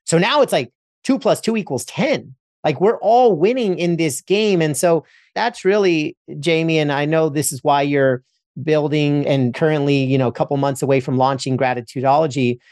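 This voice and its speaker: A man's voice: on the high side, moderate pace, a little mellow, dry recording, clean studio sound. A man hosting a podcast interview, enthusiastic and wordy as he builds up his points. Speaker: podcast host.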